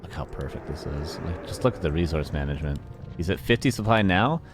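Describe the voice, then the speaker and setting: Over game music and sound effects, a man casts a live strategy match with a low-pitched, expressive, brisk delivery. Chatty and self-amused, he addresses his chat as he gives play-by-play commentary.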